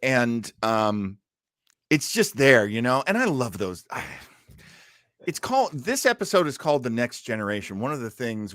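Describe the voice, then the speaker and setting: A male podcast host who eagerly shares nerdy trivia in casual chat. His average-pitched voice rises and falls widely, and the sound is close and dry. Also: a bit bright, dry recording. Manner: enthusiastic, self-described nerdy, shares trivia.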